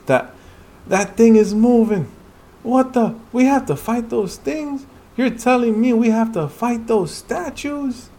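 A man's voice: fairly high pitch, expressive, unhurried, darkish tone, pitched above the performer's own voice. A man voicing a frightened young male hunter facing moving statues. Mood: alarmed. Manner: alarmed, tense.

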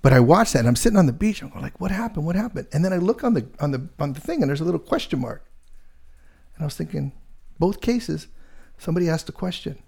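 This middle-aged real estate agent rambles through a story in casual conversation, animated and full of filler words. His voice runs on the high side and fast, with vocal fry and a husky texture.

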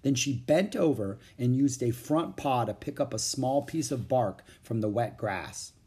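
An audiobook narrator reading a children's book aloud in an expressive storytelling way. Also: medium pitch, a little slow, slightly rough.

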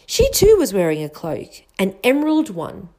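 Woman reading a kids' fantasy book out loud, lots of ups and downs in her voice. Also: moderate pace. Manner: expressive reading with lively pitch. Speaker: audiobook reader. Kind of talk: storybook narration.

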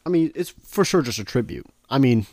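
A man's voice: mid-range voice, expressive, a little fast, darkish tone, no echo, studio quality. A young man co-hosting a podcast, teasing his partner playfully in loose, profane banter. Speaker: podcast co-host.

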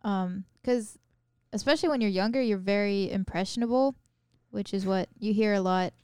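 Young woman, very smooth clear voice. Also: medium pitch, moderate pace, a little mellow, no echo, clean studio sound. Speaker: podcast co-host. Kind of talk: casual chat.

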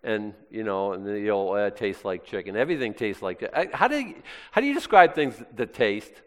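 American pastor in a reverberant hall. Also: male voice, fairly low pitch, big pitch swings, normal speed. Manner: rambling, folksy, self-interrupting. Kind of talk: casual sermon.

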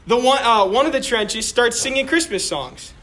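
A male teacher giving a joking, animated history lesson to a class, acting out little quotes as he goes. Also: very high voice, moderate pace.

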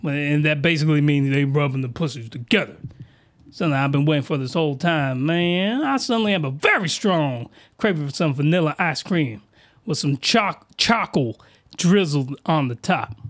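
A man hosting a crude comedic review show, talking in a rambling, jokey way. His voice sits fairly high and swings widely in pitch as he breaks off and restarts his sentences. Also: expressive, moderate pace, fairly bright tone. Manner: rambling, self-interrupting, jokey. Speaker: podcast host reviewing comics.

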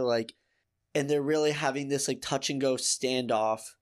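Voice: medium pitch, fairly even intonation, measured pace. Podcast cohost, chill book chat, earnest and kinda emotional about the story. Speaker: podcast co-host. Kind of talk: casual book discussion.

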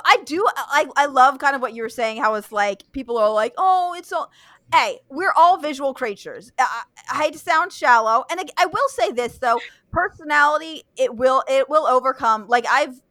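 A woman's voice: high-pitched, lively intonation, a little fast, bright, forceful tone, no room sound. A young woman hosting a casual chat, blunt and profane, with lots of fillers and restarts. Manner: blunt, swears freely, many fillers and restarts. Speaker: podcast host.

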